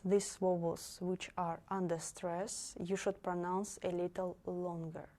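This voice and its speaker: Woman w russian accent teaching a lesson, talks real slow, repeats stuff carefully. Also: lowish voice, dark tone. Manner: careful, repeats example words slowly. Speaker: language teacher. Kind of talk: slow explanatory lesson with spoken examples.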